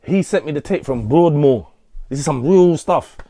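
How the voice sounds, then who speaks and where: A man's voice: fairly high pitch, expressive, normal speed, dark tone, no room sound, clean studio sound. A middle-aged man telling a long, rambling story in casual chat, full of street slang and repeated words. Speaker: interviewee.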